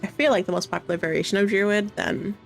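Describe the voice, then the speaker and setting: Cheerful young woman streamer, gravelly edge. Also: medium pitch, fast talker, soft background music. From Canada. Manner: chatty and cheerful, laughing often. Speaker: streamer and game host. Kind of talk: casual live-stream chat.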